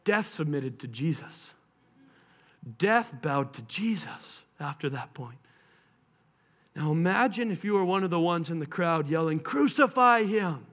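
A man preaching a sermon, telling the story dramatically, acting out the voices of the people in it and slowing down to stretch words for emphasis. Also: a little high, expressive, fairly bright tone.

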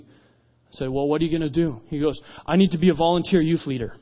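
A male youth pastor preaching, telling stories and acting out dialogue with rising intensity. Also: brisk. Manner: animated, acts out dialogue, rises in pitch and volume at climaxes. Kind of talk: sermon with storytelling. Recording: dull lo-fi sound.

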